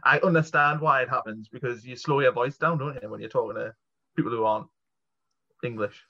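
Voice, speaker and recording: Male panelist, bright tone, lo-fi dull audio, self-deprecating. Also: mid-range voice, fairly quick. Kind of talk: casual chat.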